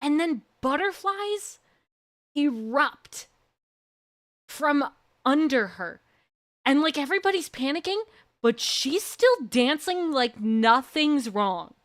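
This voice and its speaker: A woman streamer casually retelling a long dream story, full of "like" and slow dramatic pauses. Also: sits high, animated.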